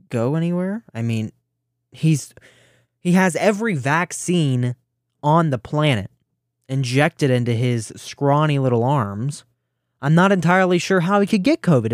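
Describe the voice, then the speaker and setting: Brash teenage radio host, dry booth. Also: male voice, fairly high pitch, darkish tone, no echo. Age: teens. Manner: brash, mocking, quick asides. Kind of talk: casual political talk radio.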